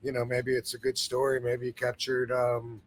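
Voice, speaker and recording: A man's voice: mid-range voice, completely flat delivery, normal speed. A man hosting a podcast in casual chat, rambling with many fillers and restarts. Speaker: podcast host.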